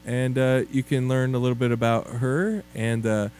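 Man, radio host, halting, many uhs, faint hum. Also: medium pitch, fairly even intonation, a little mellow.

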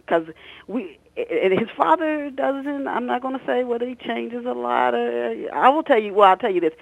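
A man's voice: a little high, gravelly, no room sound. A man, an author, reading a scene from his novel aloud expressively on a radio talk show, then chatting about it. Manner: expressive, shouts characters' lines. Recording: tinny phone line, dry.

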